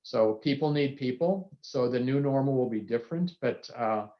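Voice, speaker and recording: A man speaks as a psychiatrist on a panel, earnest and candid with the odd self-deprecating aside. His voice sits at an ordinary pitch. It comes through a video call with a muffled, lo-fi sound. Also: normal speed. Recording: dull lo-fi video call audio.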